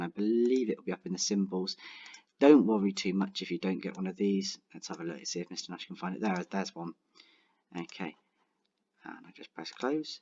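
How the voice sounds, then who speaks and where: A young man teaching a writing lesson online, talking clearly and encouragingly and slowing down to dictate example sentences. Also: deep voice, darkish tone, dull audio. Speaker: primary school teacher.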